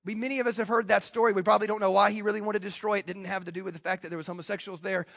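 A man preaching a sermon as a pastor, emphatic and animated, with quick asides to the congregation. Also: sits high, creaky.

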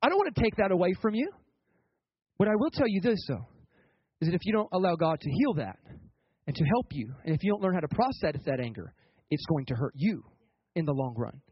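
A man's voice: high-pitched, sing-song, brisk, pauses often, breathy edge, dry recording, muffled recording. A man preaching as a pastor, conversational and colloquial, often restarting his words and asking the congregation for replies. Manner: asks the congregation for responses. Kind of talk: sermon.

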